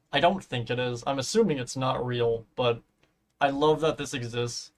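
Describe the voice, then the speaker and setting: A man's voice: mid-range voice, normal speed, fairly bright tone. Man streaming with a fading voice. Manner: rambling, hums to himself, swears casually. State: voice giving out. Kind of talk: casual live-stream commentary while building in a game.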